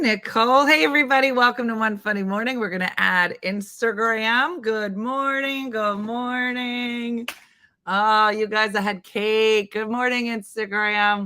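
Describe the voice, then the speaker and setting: A woman from New Jersey with a Jersey accent hosts a casual live morning stream. Her voice is a bit hoarse, and she rambles chattily and laughs at herself. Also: mid-range voice, bright, forceful tone, no echo. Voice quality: slightly hoarse, husky. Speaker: morning show host.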